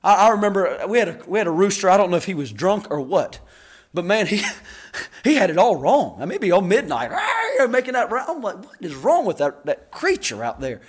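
A man preaching a sermon, shouting key words and stretching them out, then dropping to quiet, folksy asides with a laugh. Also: high voice, big pitch swings, a little fast, breathy edge. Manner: drops to quiet folksy storytelling. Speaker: pastor.

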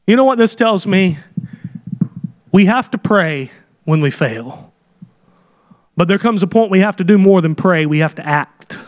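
A man's voice: high-pitched, expressive, measured pace, long pauses. A man preaching a sermon with fervor, sometimes dropping into folksy asides. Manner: fervent, acts out quoted prayers.

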